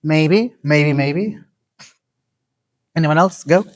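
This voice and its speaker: A man giving an interactive lecture, asking the audience questions and repeating key phrases slowly. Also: fairly high pitch, poor audio.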